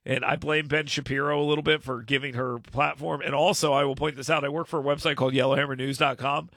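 Talk radio host, male, gravelly and bright, dry close sound, emphatic. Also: medium pitch, steady tone, fast, no echo. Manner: emphatic, repeats words when starting a point.

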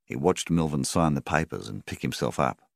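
A man narrating an audiobook in a very deep, gravelly voice. His intonation moves a lot as he tells the story. The sound is close and dry. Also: lively intonation, moderate pace, no echo. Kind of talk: scripted narration.

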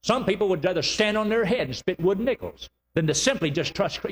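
A man preaching a sermon, emphatic and repetitive, with sudden loud rises and slow, drawn-out lines. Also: sits high, big pitch swings, long reverb tail.

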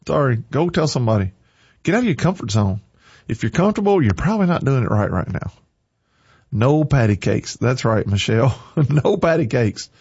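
A man's voice: fairly high pitch, slightly rough, dry recording, highs cut off. A man hosting a Christian radio morning show, talking casually with an encouraging, preachy energy in a studio. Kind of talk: casual on-air talk.

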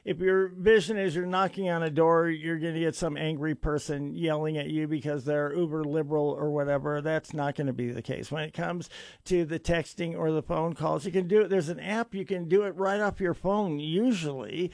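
A talk radio host, a man with a notably high voice, leans hard on his words and repeats them for emphasis. The sound is close and dry, with almost no room around it. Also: steady tone, normal speed, creaky, a little mellow, no echo. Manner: emphatic, repeats words, self-described sarcastic. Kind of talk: political talk radio interview.

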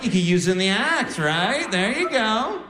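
A man's voice: high voice, big pitch swings, normal speed, sharp tone, roomy sound, voice pushed up, exaggerated voice. Man doing a cackling goofy toy-box guy. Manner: cackling, over-the-top cheer.

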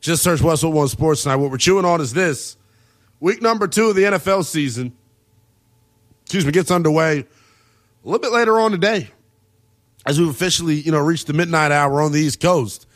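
A man hosting a late-night sports talk radio show, brash and quick to tease callers. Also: on the high side.

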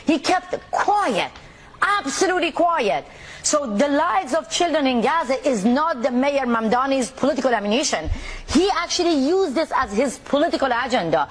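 A woman from the Middle East, an activist interviewed on the news, speaking forcefully and insistently. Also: high-pitched, big pitch swings, normal speed, slight background noise. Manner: forceful, insistent, listing examples. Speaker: activist guest.

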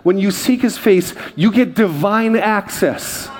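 A man's voice: high-pitched, lively intonation, takes it slowly, hardly any pauses, a little mellow, slight background noise. A male pastor from Hawaii preaching a sermon, telling self-deprecating stories to his congregation. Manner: self-deprecating, jokey storyteller. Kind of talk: sermon with humorous personal stories.

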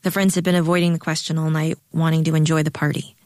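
A woman narrating a story in a calm, even reading voice. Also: sits low, fast talker, no room sound, clean studio sound. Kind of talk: audiobook narration.

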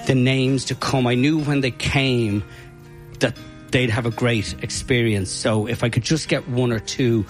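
Man, Irish accent, chatty, animated storyteller, mid pitch, faint music behind. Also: unhurried. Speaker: music night organizer. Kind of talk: casual interview storytelling.

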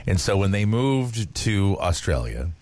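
A man co-hosting a radio show, bantering in a jokey way with quick bursts of talk. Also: on the low side, big pitch swings, a little mellow, no echo.

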